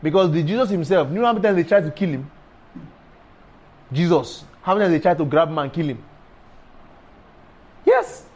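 A man preaching a sermon, emphatic and repetitive, breaking into sudden high exclamations. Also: lively intonation, a little fast, long pauses, a little mellow.

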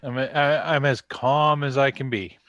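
A man's voice: medium pitch, steady tone, measured pace, a bit bright, no echo, studio quality. A man playing a tabletop game, speaking earnestly in character. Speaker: player.

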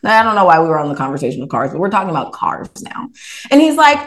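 A woman's voice: on the low side, fairly quick. A woman, a podcast guest, telling a personal story casually, acting out the back-and-forth dialogue. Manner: animated, retells her own dialogue with lots of "I was like". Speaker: podcast guest, author and reiki practitioner.

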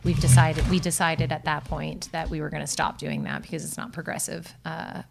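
A woman co-hosting a casual podcast, talking in a relaxed, reflective way with fillers. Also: low voice, a little fast, creaky, heavy background noise. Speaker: podcast co-host. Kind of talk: casual chat.

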